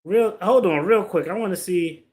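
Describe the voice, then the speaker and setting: A man's voice: sits high, normal speed, a little mellow. A man giving casual reaction commentary as he reads a legal complaint aloud, blunt and profane, with slangy asides. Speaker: attorney reacting to a lawsuit.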